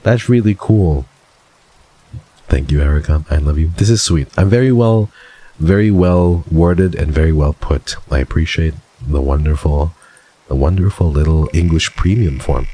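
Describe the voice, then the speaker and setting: A man's voice: very deep voice, moderate pace, warm tone, husky. A man streaming, chatting casually and reading viewer submissions aloud in a playful, dramatic way, swearing now and then.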